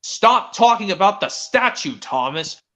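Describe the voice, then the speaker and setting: A man's voice: high voice, very animated, measured pace, pushed and bright, exaggerated voice. A man voicing a proud, boastful big male engine from a cartoon, scolding emphatically.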